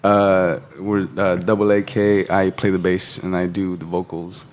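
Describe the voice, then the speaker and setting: A man's voice: deep voice, little pitch movement, unhurried, darkish tone. A man in his late twenties, co-hosting a podcast in a laid-back, casual way, swearing freely and laughing often. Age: late 20s. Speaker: podcast co-host.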